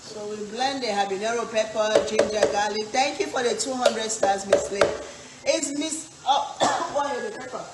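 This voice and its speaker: A woman's voice: medium pitch, heavy background noise. A woman from Africa, hosting a live cooking stream, chatting and reading viewer comments while she cooks. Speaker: cooking livestream host. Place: home kitchen. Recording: echoey kitchen with frying sizzle. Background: frying and stirring sounds.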